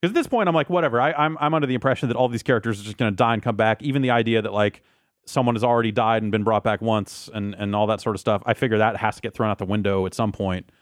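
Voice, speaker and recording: A man's voice: lowish voice, no room sound. Man, casual anime recap, rambling and swearing, dry close mic. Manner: rambling, restarts, swearing, quick quoted bits. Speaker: podcast co-host.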